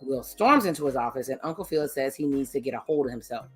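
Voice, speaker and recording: Chatty woman with a low voice. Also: lively intonation, quick pace, breathy edge, soft background music. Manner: candid, chatty, blunt commentary. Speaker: TV episode reviewer. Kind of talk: casual recap with personal asides. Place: indoors, on camera.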